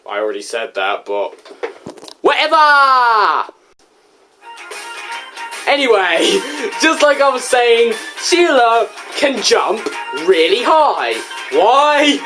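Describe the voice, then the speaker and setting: Sarcastic ranting woman reviewing a game. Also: fairly high pitch. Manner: rhetorical questions and exasperated asides. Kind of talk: casual video game review.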